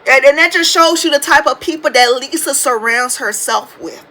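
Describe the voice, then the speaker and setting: A young woman in her twenties talks through a podcast monologue in a high, bright voice. She rants with loose slang and plenty of swearing, in a casual, animated way, recorded on a phone. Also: normal speed, rough recording. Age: 20s. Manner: animated, profane, ranting with slang. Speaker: podcast host. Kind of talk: casual reality TV commentary monologue.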